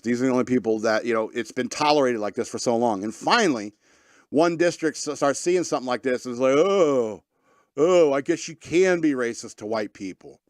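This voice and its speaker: A man hosting a laid-back talk radio show, he reads news stories aloud and keeps breaking off for sarcastic asides. His pitch is middling, and the sound is dry and close-miked with no room tone or echo.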